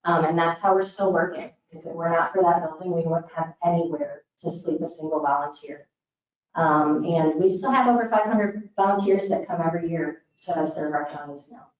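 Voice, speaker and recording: A woman's voice: on the low side, normal speed. A woman from Northern Indiana with a northern US accent, giving an earnest public forum presentation for a disaster recovery group, with many "um" fillers. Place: large meeting room. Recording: echoey hall, distant, dull mic.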